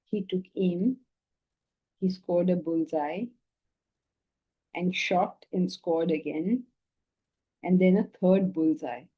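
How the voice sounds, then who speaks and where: A woman spiritual teacher giving a philosophy lecture with stories, animated and asking rhetorical questions. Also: fairly low pitch, dull audio.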